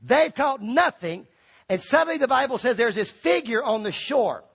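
Man, preaching, high voice, gravelly, husky, big swings in pitch. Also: normal speed. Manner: animated, acts out quoted voices, shouts for emphasis. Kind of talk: lively sermon.

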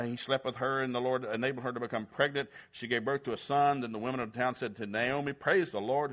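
A man's voice: mid-range voice, a bit bright. A man preaching a sermon, retelling Bible stories in a folksy, humorous way and acting out the characters. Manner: folksy storytelling with acted-out voices.

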